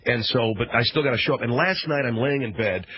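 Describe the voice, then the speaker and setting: A man's voice: mid-range voice, fast talker, slight background noise. A man hosting a radio talk show, rambling through a sarcastic, mock-outraged monologue. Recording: dull, dry radio broadcast.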